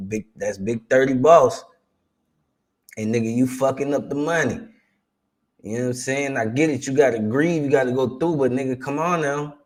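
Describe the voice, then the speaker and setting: A man's voice: medium pitch, moderate pace. A young man giving casual, slang-heavy commentary as a reaction streamer, often tacking "man" and "you feel me" onto his lines.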